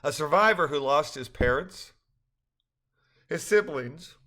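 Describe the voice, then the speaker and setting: A man's voice: fairly high pitch, lively intonation, measured pace. Earnest older man reading his story. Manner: earnest, reflective, with occasional soft laughs. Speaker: narrator. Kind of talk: reading a personal story aloud.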